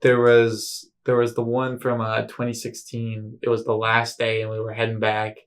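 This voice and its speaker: A young man co-hosting a casual podcast, chiming in with quick quips and laughing often. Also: medium pitch, monotone. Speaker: podcast co-host. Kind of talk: casual chat.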